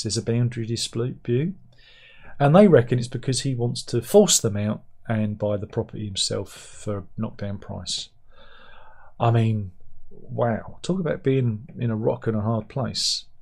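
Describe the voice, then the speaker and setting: Wry chatty man, gravelly voice. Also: medium pitch, darkish tone. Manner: chatty, wry, laughs at his own jokes. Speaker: host. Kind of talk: casual news commentary. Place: home room by a window.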